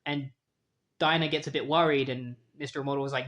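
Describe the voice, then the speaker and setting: A man's voice: mid-range voice, steady tone, fairly quick, a bit bright. A man casually retelling a comic book story in a loose, chatty way, often saying "like".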